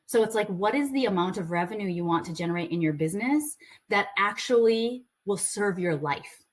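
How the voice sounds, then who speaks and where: A woman's voice: mid-range voice, lively intonation, fairly quick. Earnest woman business coach talking to a group. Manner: conversational, earnest, with playful asides and laughs.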